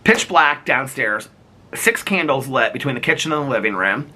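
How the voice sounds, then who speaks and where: A man talks in a casual vlog, chatty and playful, with plenty of laughter. His voice swings up and down in a lively way, and the tone is bright. He is recording outdoors in the cold. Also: medium pitch, moderate pace. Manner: chatty, animated, laughs often, playful asides. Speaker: vlogger.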